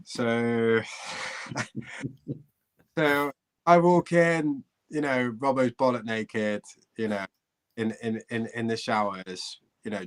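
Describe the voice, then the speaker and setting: A former footballer, a man, telling a lively anecdote as a guest on a live podcast, laughing often. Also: mid-range voice, measured pace, low-quality recording. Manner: animated, laughing storyteller. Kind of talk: storytelling.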